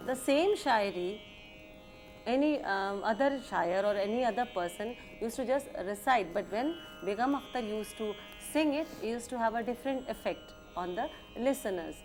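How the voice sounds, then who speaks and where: High-voiced Indian woman lecturing. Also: expressive, darkish tone, soft background music. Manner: halting, many fillers, mixes in Hindi phrases. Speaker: music lecturer. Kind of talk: educational lecture.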